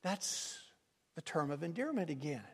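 Male preacher, high voice, impassioned sermon, hushed then loud, long reverb of a church hall. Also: a little slow.

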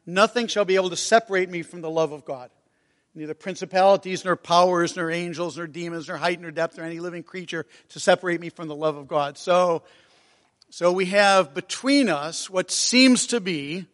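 A man preaching a sermon, earnest and emotional, reading hymn lines slowly. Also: high voice, fairly bright tone. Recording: long hall reverb.

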